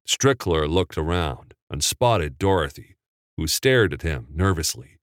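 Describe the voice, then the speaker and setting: A man narrating a novel in a measured, unhurried storytelling manner. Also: a bass voice, expressive, dry recording, studio quality. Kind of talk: audiobook narration.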